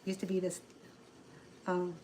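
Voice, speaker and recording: A woman's voice: fairly low pitch, completely flat delivery, unhurried, a little mellow, a little hiss or hum, poor audio. A middle-aged woman with a Cambodian accent, chatting casually as a cooking show host, rambling with many restarts and fillers. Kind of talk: casual chat.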